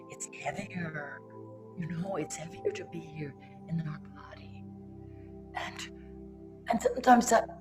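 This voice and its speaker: Female ceremony leader, gentle guided-meditation delivery, unhurried and half-whispered. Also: mid-range voice. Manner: soft, slow, drifting into whispers.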